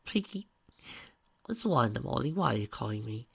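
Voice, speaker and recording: A reader voicing a young woman woken by a late-night phone call, sleepy and slow. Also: a bass voice, sing-song, creaky, husky, exaggerated voice. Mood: groggy.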